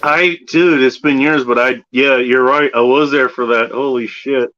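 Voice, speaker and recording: A man's voice: mid-range voice, fairly even intonation, moderate pace, fairly bright tone. A man hosting a casual livestream chat, easygoing and profane, laughing often. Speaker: livestream host. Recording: slightly muffled lo-fi audio.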